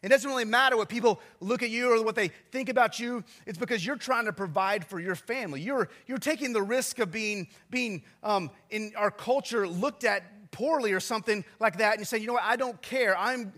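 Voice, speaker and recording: A man's voice: high-pitched, a bit bright. A man in his forties, a pastor preaching a sermon in a chatty, self-deprecating storytelling manner with asides to the congregation. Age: 40s.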